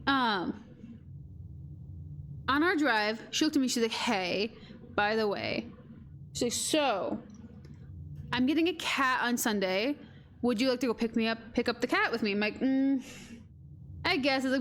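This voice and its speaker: A woman with a slightly high voice rambles through a personal story at her streaming desk, quoting her sister along the way. A faint hum sits under the recording. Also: a bit bright. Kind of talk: casual storytelling while gaming.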